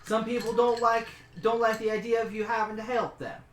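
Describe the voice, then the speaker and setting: A game master voicing a huge, brash woman jailer who talks loud and blunt. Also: medium pitch, little pitch movement, a little fast, echoey room, voice pushed up, close to an everyday voice. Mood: defiant. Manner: loud, blunt and defiant, shouting at times.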